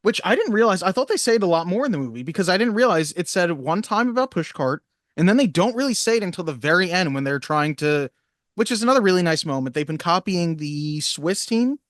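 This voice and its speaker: A man's voice: sits high, lively intonation, fast talker, a bit bright, dry recording, studio quality. A man co-hosting a podcast, chatting casually about a movie, rambling through asides and laughing easily. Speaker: podcast co-host.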